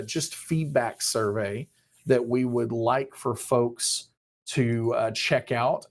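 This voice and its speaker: Male host, casual live-stream update, relaxed and chatty, mid pitch. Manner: casual, friendly, a few uh fillers.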